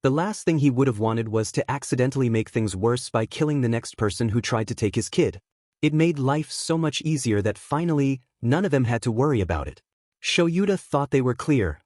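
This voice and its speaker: A man's voice: mid-range voice, animated, brisk, a little mellow, no room sound. Man narrating fan fiction, dry sound. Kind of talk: fan fiction audiobook reading.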